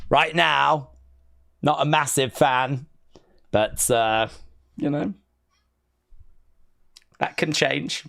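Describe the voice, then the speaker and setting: A man's voice: a little high, steady tone, takes it slowly, vocal fry, pauses often, a bit bright, no room sound. A man hosting a live wrestling watch-along, reading chat and riffing with dry sarcasm and lots of fillers. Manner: sarcastic, jokey, rambling with fillers.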